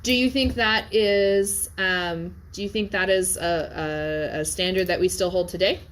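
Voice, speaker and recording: A woman's voice: lowish voice, fairly even intonation, measured pace, fairly bright tone, a little hiss or hum. A woman teaching in a classroom, lecturing in a conversational way and often checking in with her listeners. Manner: conversational, keeps checking in with "yes?" and "okay?". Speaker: Latin teacher.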